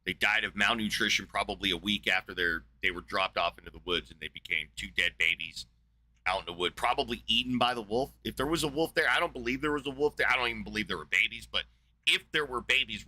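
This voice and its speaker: A man with a Southern US drawl argues as a debate host. He is brash and profane, and his voice has a tense, forceful brightness sitting on a fairly low pitch. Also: poor audio. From Southeast United States. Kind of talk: heated casual debate.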